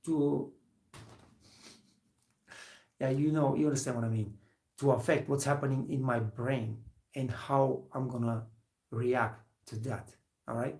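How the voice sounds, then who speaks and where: A man's voice: medium pitch, steady tone, a little slow, pauses often, a little mellow, reverberant. A man, a hospitality trainer, giving an earnest, rambling motivational talk to young trainees, full of fillers.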